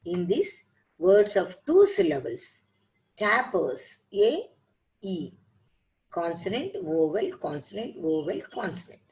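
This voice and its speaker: Woman teacher, unhurried lecturing delivery, spells out letters and repeats phrases. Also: medium pitch, a little mellow, rough recording. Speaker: English teacher. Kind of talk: classroom lecture over slides.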